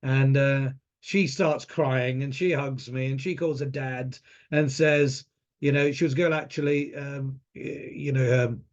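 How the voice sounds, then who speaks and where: A man's voice: mid-range voice, steady tone, a little slow, lo-fi sound. A man in his fifties, an officer of a lawyers' association, recounting a trip in a rambling, conversational way with many fillers. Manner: rambling, frequent fillers and restarts. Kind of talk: casual spoken trip account.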